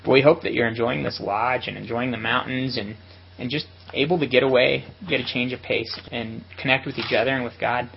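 A man's voice: medium pitch, fairly even intonation, brisk, vocal fry, highs cut off, slight background noise. A man giving an earnest, reflective sermon to ministry workers at a retreat.

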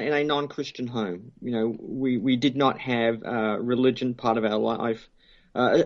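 A man's voice: mid-range voice, dull audio. A man with an Australian accent, a guest theologian speaking casually in an interview, joking and full of fillers and restarts. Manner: relaxed, jokey, many fillers and restarts. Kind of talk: phone interview, casual conversation.

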